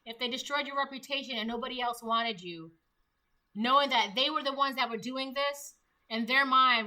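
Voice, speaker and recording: Bright, chatty woman reading tarot. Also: sits high, normal speed. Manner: chatty, acts out quoted voices, laughs at own jokes. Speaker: tarot reader. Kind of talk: casual tarot reading monologue.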